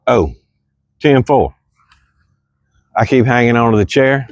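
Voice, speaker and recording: A middle-aged man with a drawl spins a yarn in a folksy, animated way. He bursts into loud exclamations at the exciting parts. His voice sits at a medium pitch, and the recording is dry and close. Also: unhurried, no echo. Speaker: storyteller vlogger. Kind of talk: casual storytelling.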